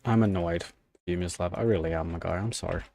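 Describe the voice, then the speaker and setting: A man's voice: deep voice, steady tone, fast, vocal fry, a little mellow, dry recording, studio quality. A young man chatting casually on a live stream, ranting in annoyance while typing commands at his desk. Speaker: livestreamer.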